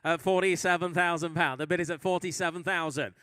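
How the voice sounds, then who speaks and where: A man's voice: a little high, steady tone, brisk, pushed and bright, no room sound. A man from England working as an auctioneer, calling bids at a live sale with teasing asides to the room.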